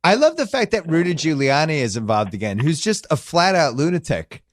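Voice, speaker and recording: A man's voice: fairly high pitch, very animated, fairly quick, dry recording, clean studio sound. Wry, rambling male podcast host. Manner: rambling, wry storytelling with many restarts. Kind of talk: casual chat.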